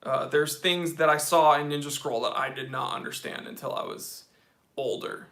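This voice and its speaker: An American man hosts a relaxed livestream, reading viewer comments aloud and answering them with easy enthusiasm. His voice is bright and a little higher than most men's. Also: moderate pace. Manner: casual, enthusiastic, says dude a lot. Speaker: watch channel host.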